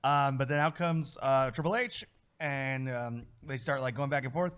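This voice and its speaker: A man co-hosting a casual chat show, animatedly recapping storylines with quick acted quotes. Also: medium pitch, a bit bright, clear, resonant tone. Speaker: co-host.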